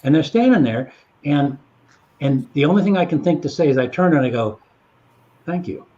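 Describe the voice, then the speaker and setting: A man's voice: fairly high pitch, lively intonation, brisk, warm tone, lo-fi sound. A man telling long anecdotes in a casual chat. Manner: rambling anecdotal storytelling. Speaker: guest storyteller.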